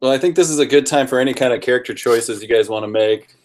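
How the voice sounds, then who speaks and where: A man acting as game master, chatting in a relaxed, dry way with his players. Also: mid-range voice, quick pace. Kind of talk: casual chat. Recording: noisy recording.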